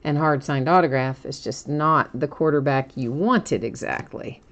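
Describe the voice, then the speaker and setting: A woman's voice: rumbling low, normal speed. A woman hosting a live-stream card break, chatting and laughing as she reveals each card and often trips over player names.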